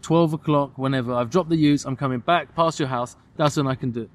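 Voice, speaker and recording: A young man, telling a story in casual podcast chat, animated and swearing, acting out what others said. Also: medium pitch, quick pace. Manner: animated, swearing, mimics others in his stories. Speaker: podcast co-host.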